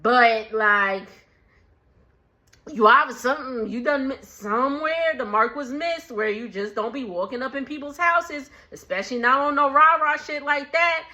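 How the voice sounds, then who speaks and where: A woman recapping a reality show in a casual, animated way, laughing often and acting out what people said. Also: high voice, moderate pace. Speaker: recap vlogger.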